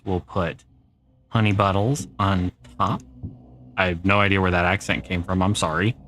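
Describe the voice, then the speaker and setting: A man's voice: deep voice, fairly bright tone, a little hiss or hum. A middle-aged man streaming a game, chatting casually and answering viewer comments as he plays. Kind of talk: casual gameplay chat.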